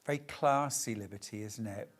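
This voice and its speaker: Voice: medium pitch, normal speed. A shopping channel presenter, chatting and gushing over fabrics during a live TV sale.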